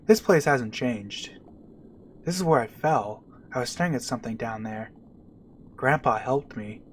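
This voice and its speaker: A man's voice: mid-range voice, lively intonation, unhurried, pauses often, slight background noise. A man reading as Vivi, a timid little boy mage. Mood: wistful.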